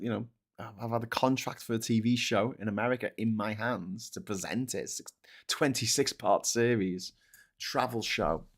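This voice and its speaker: Blunt, sweary man with a Scouse accent. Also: fairly low pitch. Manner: blunt and sweary, talks back to viewer comments. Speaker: host. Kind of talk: casual live-stream chat reading comments.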